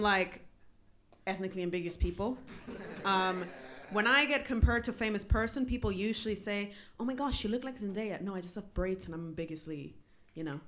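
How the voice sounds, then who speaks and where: A female stand-up comic working a small club crowd, asking people where they're from and teasing them. Her speech is loose and hesitant, full of little "ums," and her pitch sits in a middle range. English is a second language for her. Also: fairly bright tone, slight background noise. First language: not English. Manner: self-deprecating, crowd work, many ums. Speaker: stand-up comedian. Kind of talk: stand-up comedy.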